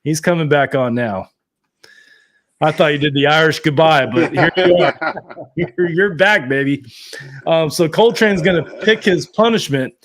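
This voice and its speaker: A man with a slightly higher voice hosts a loose sports podcast chat. He jokes his way through a fan contest and its punishments. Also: measured pace, a bit bright. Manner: joking, running a contest segment. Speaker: podcast host. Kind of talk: casual chat.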